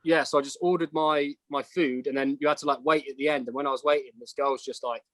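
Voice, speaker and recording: A man's voice: a little high, fairly even intonation, quick pace, no echo. An Englishman with an English accent, a rugby player guest chatting in a self-deprecating way over a video call. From England. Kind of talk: casual chat.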